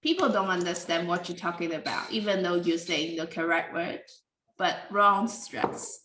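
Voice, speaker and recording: A woman teaching English pronunciation in a careful, deliberate way, with simple non-native grammar. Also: lowish voice, a bit bright, roomy sound, poor audio. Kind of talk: slow classroom explanation.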